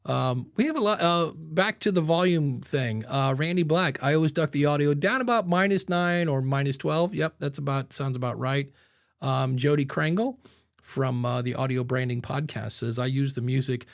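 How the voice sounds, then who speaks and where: A man hosting a podcast in casual chat, animated and talking into a mic with headphones, sometimes acting out voices. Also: on the high side, moderate pace, gravelly, dry recording, studio quality. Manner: animated, demonstrates voices with sudden loud bursts. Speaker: podcast host. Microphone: studio mic with headphones.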